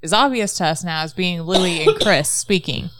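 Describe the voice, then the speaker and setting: A woman's voice: lowish voice, lively intonation, normal speed, a crowd in the background. A woman in a casual game chat, laying out theories one step at a time. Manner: methodical, lays out theories step by step.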